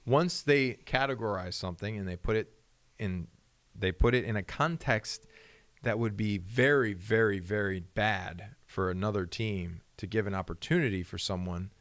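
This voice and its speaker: A man who once played football, co-hosting a casual sports chat and talking in an animated way. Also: on the low side, normal speed. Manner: animated, acts out voices of others. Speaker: co-host, former football player.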